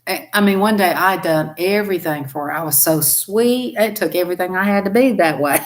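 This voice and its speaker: A woman's voice: fairly low pitch, a little fast. A woman with a Southern US accent, chatting folksily on a live stream and laughing often. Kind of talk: casual live-stream chat.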